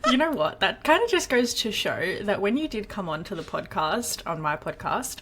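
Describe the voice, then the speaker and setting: A woman's voice: medium pitch, sing-song, moderate pace, fairly bright tone, husky. A woman from Australia with an Australian accent, a podcast guest who talks in a friendly way and laughs often. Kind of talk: casual podcast chat.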